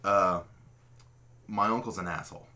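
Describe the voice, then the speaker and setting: A man with a fairly low voice tells a long story among friends, swearing freely and mocking himself. Faint hiss sits under the recording. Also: moderate pace. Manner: profane, self-mocking, animated storyteller. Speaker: podcast host telling a story.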